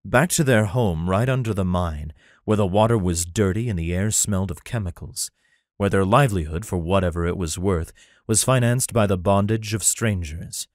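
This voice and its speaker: A man narrating a fantasy romance audiobook in an even, plain storytelling manner. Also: low voice, moderate pace, no echo, studio quality. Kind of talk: scripted narration.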